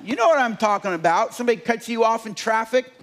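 A preacher delivers a sermon in an animated way, often tossing questions out to the congregation. His voice is high for a man and very lively, climbing and falling as he builds his points. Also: quick pace.

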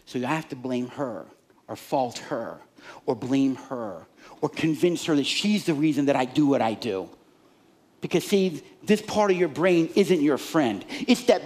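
A male pastor preaching a sermon, animated, acting out the voices in people's heads and the fans in the stands. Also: fairly high pitch.

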